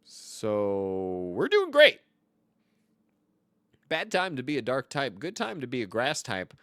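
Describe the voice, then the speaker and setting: A man giving comedic card-game commentary, boastful and theatrical, swinging between loud outbursts and low mutters. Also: very animated, unhurried, no echo, studio quality.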